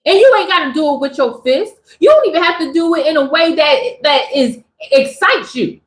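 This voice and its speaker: A woman hosting a spiritual livestream, talking in a casual, animated, slangy way to her chat and preaching at them. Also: high-pitched, reverberant.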